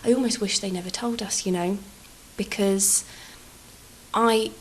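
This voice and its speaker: A British woman in her thirties talks in a loose, chatty way. She rambles with fillers and pokes fun at herself. Her voice sits at an everyday middle pitch. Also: fairly even intonation, measured pace, poor audio. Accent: British English. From England. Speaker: vlogger. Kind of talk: casual storytelling over a game build.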